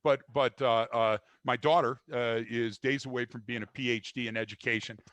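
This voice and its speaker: A man's voice: medium pitch, steady tone, normal speed, fairly bright tone, no echo. An older man from the United States, a guest in an interview, talking bluntly and emphatically with frequent restarts and fillers. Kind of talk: conversational interview.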